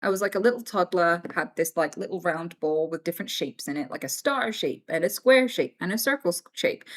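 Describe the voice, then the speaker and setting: A woman's voice: medium pitch, fairly bright tone. A young British woman chatting casually on a livestream, frank and swearing freely as she tells stories.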